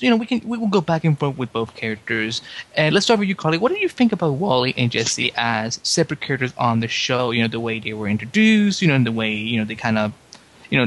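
A man's voice: medium pitch, big pitch swings, quick pace, fairly bright tone. A man hosting a casual podcast discussion, leaning on lots of "you know" fillers as he sets up questions. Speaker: podcast host.

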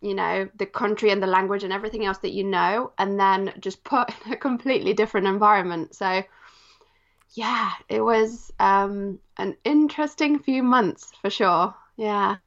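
A woman from Poland, Polish her first tongue, now speaking with a settled English accent. She is a guest on a podcast, talking thoughtfully with soft fillers as she remembers. Her voice sits mid-range and the recording sounds a touch muffled. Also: mid-range voice, moderate pace. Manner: reflective, with frequent "kind of" and "um". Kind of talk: podcast interview.

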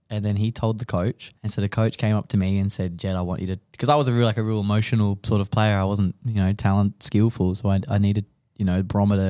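A man's voice: on the low side, darkish tone, no echo, clean studio sound. A young man hosting a podcast, telling an emotional story in a rambling way with many restarts. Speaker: podcast host. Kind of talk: casual chat.

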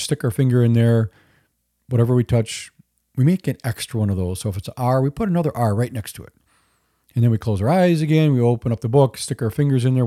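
A man's voice: medium pitch, warm tone, dry recording, studio quality. A middle-aged man hosting a podcast, telling stories in an earnest, conversational way with casual fillers. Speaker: podcast host. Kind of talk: casual storytelling monologue.

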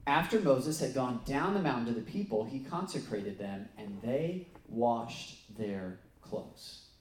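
A man's voice: mid-range voice, expressive, a little slow. A man preaching a sermon in a loose, conversational way, telling stories with fillers and restarts. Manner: conversational, storytelling with self-corrections and fillers. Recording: echoey room, mic at a distance.

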